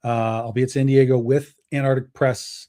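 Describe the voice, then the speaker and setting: Relaxed man, comic publisher guest. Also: medium pitch, normal speed. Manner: relaxed, filler-heavy, many restarts. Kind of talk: casual chat.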